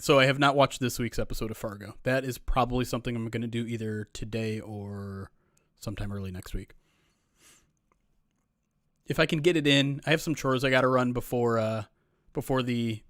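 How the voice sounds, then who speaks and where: A man hosting a live stream in relaxed chat, rambling from one thing to the next and restarting sentences as he reads comments. His voice sits at an ordinary middle pitch. The sound is dry and close, as from a desk microphone at home. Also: dry recording. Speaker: streamer host.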